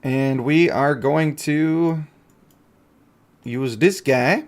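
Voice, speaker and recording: A male streamer chatting through a mobile game, joking and talking to himself and his viewers. His voice sits somewhat high for a man and stays relaxed and casual. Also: extremely slow. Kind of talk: casual live-stream commentary.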